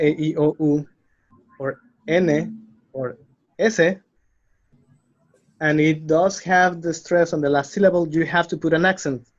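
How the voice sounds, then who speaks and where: A man teaches slowly and patiently, pausing to spell out letters and list examples. His voice sits a bit high for a man. The recording is slightly dull and lo-fi. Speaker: Spanish teacher. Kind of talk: slow explanatory lesson.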